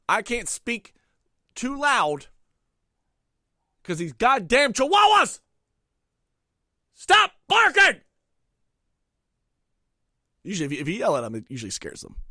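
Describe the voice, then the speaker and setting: Brief: male comic host, high lively voice, angry swearing rants. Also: no room sound, clean studio sound. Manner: angry, swearing, swings from muttering to shouting. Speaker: comedic ranting host. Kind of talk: comedic rant monologue.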